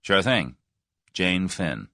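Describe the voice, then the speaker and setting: A man's voice: low voice, sing-song, extremely slow, vocal fry, no echo, clean studio sound, full character voice. Man playing a brash blunt American. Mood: forceful. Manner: forceful, blunt.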